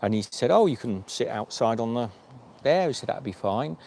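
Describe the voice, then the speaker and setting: A long-distance hiker and vlogger chats on a livestream, telling stories full of quoted dialogue. His mid-range voice is animated, creaky and a little mellow at a moderate pace, with a bit of hiss or hum in the audio.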